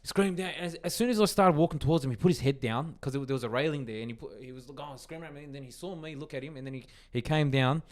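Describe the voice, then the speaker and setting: Animated Australian man telling rambling stories. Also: fairly high pitch, fast, few pauses. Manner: animated, rambling anecdotes with swearing and many restarts. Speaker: podcast co-host. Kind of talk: casual chat.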